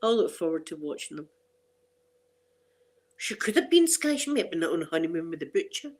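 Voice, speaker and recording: Her voice is on the low side and sing-song, moving at normal speed. She's a middle-aged Scottish woman hosting ASMR content, chatting and rambling to her audience while frequently starting over and laughing.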